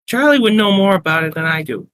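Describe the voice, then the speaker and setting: A man voicing a brash young barmaid with a Brooklyn accent, a high and blunt put-on voice in a read-aloud story. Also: lively intonation, quick pace, a bit bright, close to an everyday voice. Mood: chatty.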